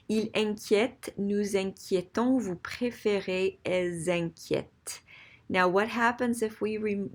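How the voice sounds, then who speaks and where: A woman giving a recorded French grammar lesson at an unhurried, measured pace. She explains patiently, stops to spell out letters one by one, and carefully sounds out each French example. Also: medium pitch. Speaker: French teacher.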